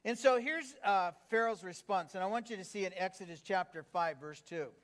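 A man's voice: high voice, moderate pace. A man preaching a sermon as pastor, conversational and engaging, often asking the congregation questions. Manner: conversational with fillers.

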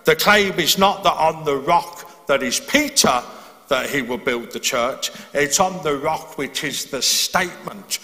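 A man's voice: fairly high pitch, animated, measured pace, pushed and bright. A man preaching a sermon, explaining earnestly and often restarting his phrases. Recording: long hall reverb.

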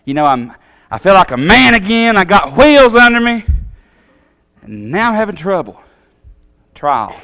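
A man tells a personal story from the pulpit. His delivery is folksy and animated, swinging from quiet asides to sudden high bursts. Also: measured pace. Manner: folksy, animated storytelling with big pitch jumps. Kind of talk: storytelling sermon.

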